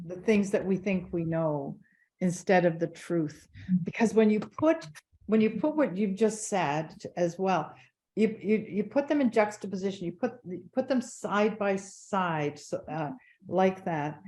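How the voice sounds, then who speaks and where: A woman's voice: medium pitch, warm tone. A woman hosting and teaching an online group lesson, repeating herself and often restarting sentences. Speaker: teacher and host.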